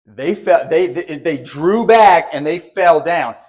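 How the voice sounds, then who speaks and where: A man preaching a sermon as pastor, animated, acting out quotes with a raised voice and often repeating words. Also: on the high side, slow pace.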